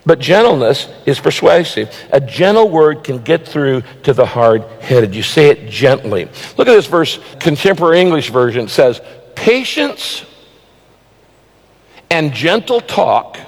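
A male pastor preaching a sermon, emphatic, repeating phrases and slowing down to read Bible verses. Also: medium pitch, expressive, in a large hall, low-quality recording.

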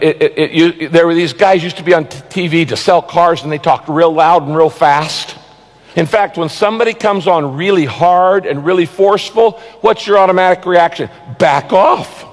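Preaching emphatically, a male pastor with a fairly high voice repeats his points to hammer them in. He eases his pace on purpose when reading Bible verses, and the sound trails off into the long echo of a large church hall.

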